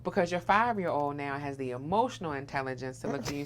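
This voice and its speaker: A woman's voice: low-pitched, lively intonation, fast, a little hiss or hum. A woman hosting an interview, affirming and emphatic, often tagging her points with "right?". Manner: affirming, emphatic, frequent "right?" tag questions. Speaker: interviewer and host. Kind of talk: supportive conversational interview.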